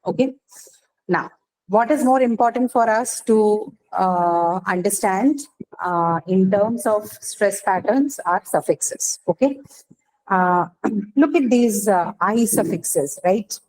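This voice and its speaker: Woman teacher, mid-pitched voice, patient step-by-step explaining, faint background noise. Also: expressive, takes it slowly, darkish tone, rough recording. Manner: explains step by step, often checking with "okay?". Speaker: English teacher. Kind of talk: online class lecture.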